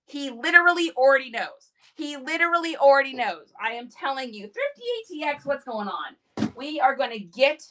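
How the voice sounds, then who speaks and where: Bubbly high-energy woman hosting a live stream. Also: big pitch swings, normal speed, fairly bright tone. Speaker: live-stream reseller host. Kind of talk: casual live-stream chat. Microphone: phone.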